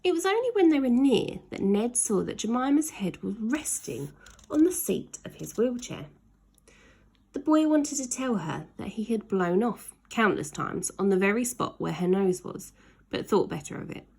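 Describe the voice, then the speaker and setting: A woman reading a children's story aloud in an expressive, dramatic storytelling manner. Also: fairly high pitch, moderate pace, vocal fry, husky.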